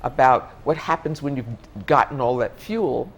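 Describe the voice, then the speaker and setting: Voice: mid-range voice, animated, a little slow, slight background noise. Reflective interview guest, searching for words. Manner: thoughtful, searching for words, frequent restarts.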